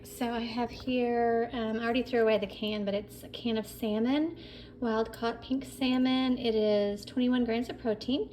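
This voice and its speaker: A woman's voice: a little high, steady tone, normal speed, darkish tone, slight background noise, rough recording. A woman chatting casually in her kitchen, rambling along with lots of fillers. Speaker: food vlogger. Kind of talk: casual chat.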